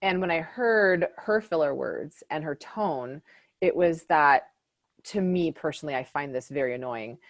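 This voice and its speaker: A woman hosting a relaxed interview, talking in a casual, chatty way with frequent fillers. Her voice sits a little low. The recording is dry, with no room sound. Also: unhurried, no echo. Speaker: host, naturopath.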